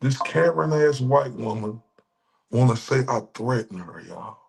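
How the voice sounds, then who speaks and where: Speaking a little slowly in a gravelly, medium-pitched voice, this Dallas, Texas man streams a reaction. It's a profane rant full of mockery, heavy insults and repetition.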